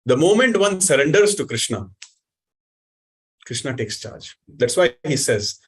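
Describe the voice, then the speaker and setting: A man giving an animated sermon, questioning the audience and reciting Sanskrit verses. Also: medium pitch, a little slow, pauses often. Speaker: spiritual teacher.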